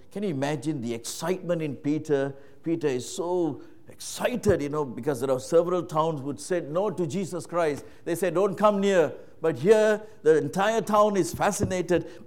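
A man preaching a sermon in a conversational way, full of "you know" and "right?", moving from hushed low talk to loud, raised passages.

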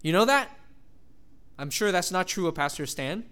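Bright, high-voiced male preacher. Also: moderate pace, clear, resonant tone. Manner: animated, acts out quoted voices. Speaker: pastor. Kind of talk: sermon with scripture reading.

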